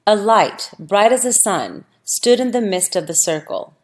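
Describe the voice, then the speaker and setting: A woman narrating a scripture audiobook in a deliberate, measured reading. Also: mid-range voice, expressive. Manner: slow, deliberate, archaic phrasing.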